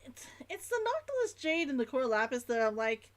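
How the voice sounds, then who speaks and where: A woman's voice: sits high, sing-song, a little fast, few pauses. A woman streamer chatting casually through a game, giggly and laughing often. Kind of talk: gaming livestream chat.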